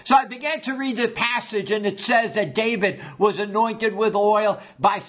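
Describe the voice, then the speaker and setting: A man's voice: high voice, moderate pace, fairly bright tone. A man pastor preaching a sermon, telling a story and acting out the voices in it.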